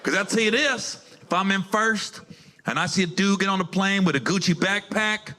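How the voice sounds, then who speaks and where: A man's voice: high voice, moderate pace, bright, forceful tone. A male stand-up comedian telling stories in a casual, profane, conversational way on a club stage. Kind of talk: stand-up storytelling.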